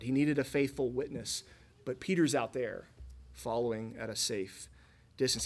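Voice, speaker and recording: Man preaching a sermon in a conversational way. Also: on the high side. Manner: conversational preaching with many restarts and questions to the congregation. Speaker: pastor.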